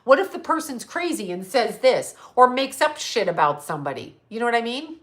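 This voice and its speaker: On a psychic livestream, a middle-aged woman from Canada speaks in a higher, sing-song voice at a brisk pace. She delivers a blunt, swear-heavy rant while responding to viewers' comments.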